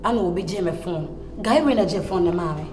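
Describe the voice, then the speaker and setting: A woman's voice: fairly low pitch, roomy sound, over music, lightly acted. A woman playing a defiant Ghanaian daughter. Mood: pleading. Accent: Ghanaian, mixing Pidgin and Twi. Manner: pleading, quick mixed Pidgin and Twi.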